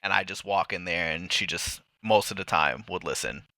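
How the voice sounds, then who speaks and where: Very deep-voiced man, bright and dry. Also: normal speed, no room sound. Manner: relaxed, rambling, acts out his family in quotes. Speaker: podcast co-host. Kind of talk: casual chat.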